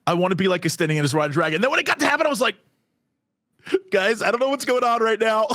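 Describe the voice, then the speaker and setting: A man with a high speaking voice talks as a podcast guest, animated and excitable, often breaking into laughter. His voice is recorded dry and close, with almost no room sound. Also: rapid-fire, no room sound. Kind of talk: casual podcast chat.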